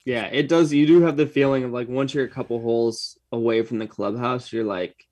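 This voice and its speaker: A man's voice: mid-range voice, fairly even intonation, brisk, hardly any pauses, darkish tone, no room sound. A man co-hosting a golf podcast, chatting casually and laid-back, with slang like "dude". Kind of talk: casual chat.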